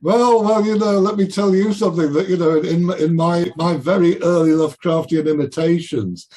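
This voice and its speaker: A man's voice: high voice, steady tone, moderate pace, dark tone. An older man, a guest writer, talking in a casual podcast discussion, hesitant and full of restarts. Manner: hesitant, many restarts and fillers.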